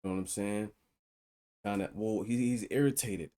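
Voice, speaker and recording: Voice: medium pitch, normal speed, warm tone. A reaction video host giving casual, exasperated commentary, ranting and often asking "you know what I'm saying".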